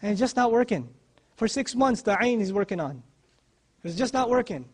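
A man's voice: high voice, expressive, normal speed, husky. A man giving a religious talk, emphatic and repeating his key phrases for weight. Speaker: Islamic speaker.

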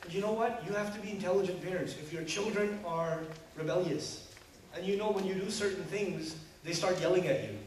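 A man preaching an animated sermon to a live audience, asking many rhetorical questions and speaking straight to his listeners. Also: high-pitched, brisk. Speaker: Islamic preacher. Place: large echoey hall with an audience. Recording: echoey hall, distant mic, faint room noise.

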